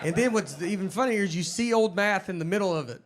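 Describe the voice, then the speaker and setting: A stand-up comedian who rambles through his bits in a dry, deadpan manner, his voice pitched a little above most men's. Clear noise from the room sits behind him throughout. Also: fast. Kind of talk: stand-up routine.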